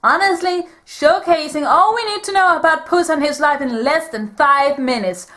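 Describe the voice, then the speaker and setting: A woman putting on a proud masked swashbuckler, put-on Spanish accent, formal deadpan delivery, fairly high voice. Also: moderate pace. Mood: grand narration. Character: grand swashbuckling masked hero, female, proud. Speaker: co-host of a movie review. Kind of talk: comedic movie review in character.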